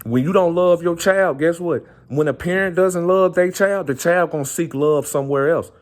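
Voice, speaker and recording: A man's voice: on the high side, normal speed. A man speaking in an earnest, impassioned monologue, circling back and repeating his phrases. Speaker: vlogger.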